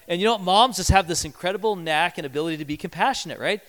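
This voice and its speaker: High-voiced male preacher in a reverberant hall. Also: expressive, racing, hardly any pauses, fairly bright tone. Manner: conversational preaching with acted-out quotes. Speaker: pastor. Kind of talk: sermon.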